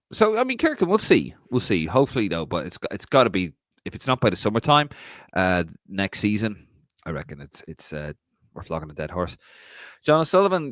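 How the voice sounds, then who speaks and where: A man hosts a casual podcast, reading out viewer comments with a chatty manner and frequent laughs. His voice sits low but swings widely in pitch. The sound is close and dry. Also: fairly bright tone, no echo. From Ireland.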